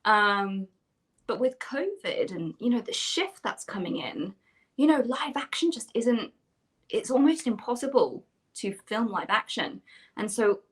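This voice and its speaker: A woman's voice: on the high side, big pitch swings, a little slow. A woman talks eagerly and at length, jumping from thought to thought. She is a panel guest speaking over a video call. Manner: enthusiastic, chatty, rambling.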